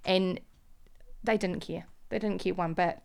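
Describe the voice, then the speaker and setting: A woman, a mother, giving an earnest, emotional eyewitness account that often drops quiet. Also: on the low side, steady tone, a little slow, gravelly, clear, resonant tone. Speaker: mother recounting a protest.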